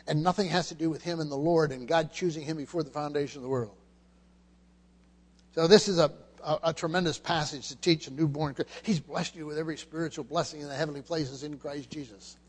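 A man with a high voice preaches through scripture, driving points home by repeating them and often restarting his sentences. His voice rings out with a long reverb, as in a large hall. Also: fairly even intonation, fairly quick, husky. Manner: emphatic, repeats key phrases, frequent restarts. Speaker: pastor. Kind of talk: expository sermon.

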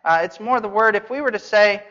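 High-voiced man preaching in a hall. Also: a little fast, bright, forceful tone. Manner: earnest, emphatic, repeats phrases for stress. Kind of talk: expository sermon. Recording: dull sound with long hall reverb.

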